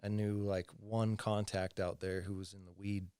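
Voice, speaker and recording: A man's voice: lowish voice, little pitch movement, moderate pace, a little mellow, clear, resonant tone, no echo, clean studio sound. A man in his thirties, a former pro snowboarder, talking loosely and candidly on a podcast, full of swearing and fillers. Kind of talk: casual interview chat.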